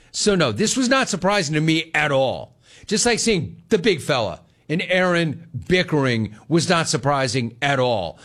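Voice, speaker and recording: A man's voice: a little high, a bit bright. A man hosting a sports talk radio show, delivering a sarcastic, mocking monologue and reading listener messages. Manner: sarcastic, mocking, laughing at callers.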